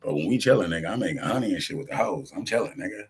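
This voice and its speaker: A man's voice: sits low, racing, husky. A man in a casual, rambling monologue, talking in profane street slang, jumping between topics and acting out what other people said. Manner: animated, jumps between topics. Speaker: rapper talking to camera.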